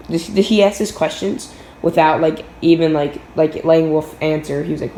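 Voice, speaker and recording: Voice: mid-range voice, fairly even intonation, moderate pace, gravelly, warm tone, roomy sound, slight background noise, rough recording. A teenager telling a casual storytime vlog from a home basement, rambling with lots of fillers and restarts.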